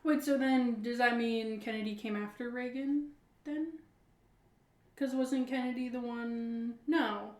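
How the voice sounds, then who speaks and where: A woman's voice: a little high, steady tone, a little slow. A woman co-hosting a casual podcast, answering quiz questions with goofy jokes and frequent laughter. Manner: goofy, joking, laughs a lot. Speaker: podcast co-host taking a quiz. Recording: echoey room with faint ambient noise.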